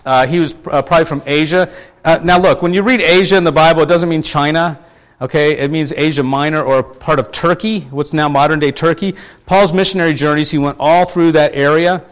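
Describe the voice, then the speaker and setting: A man preaching a conversational sermon, asking his congregation questions and restarting his sentences often. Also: a little high. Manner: chatty, asks the congregation questions; many fillers and restarts. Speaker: pastor.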